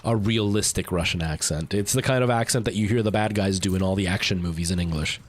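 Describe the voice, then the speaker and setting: A man's voice: deep voice, quick pace. A man streaming a game live, chatting casually with viewers in a rambling, talkative way. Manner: rambling, chatty, answering chat.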